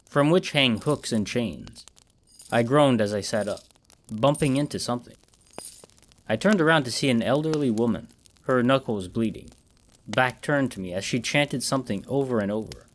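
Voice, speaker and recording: A man with an ordinary male pitch narrates a horror story in a measured, dramatic way, carefully pacing his lines to build dread.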